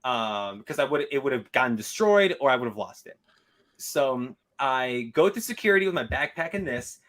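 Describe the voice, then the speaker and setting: Bright-voiced animated man telling a story. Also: medium pitch, moderate pace. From Chicago. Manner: animated, swearing, acts out quotes. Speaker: podcast co-host. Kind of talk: casual chat, storytelling.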